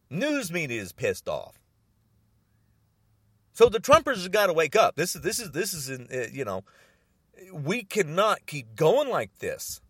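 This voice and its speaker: A man's voice: on the high side, a bit bright, husky, no echo, studio quality. An older man in an angry, agitated political rant, repeating himself and stumbling over restarts.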